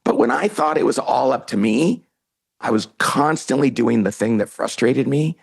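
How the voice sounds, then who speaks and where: A middle-aged man with a husky, slightly breathy voice, telling a story as a podcast guest. He talks animatedly and acts out the lines he quotes. His voice sits in an ordinary male pitch range. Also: expressive, normal speed. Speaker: podcast guest, author and CEO. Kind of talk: storytelling in a casual interview.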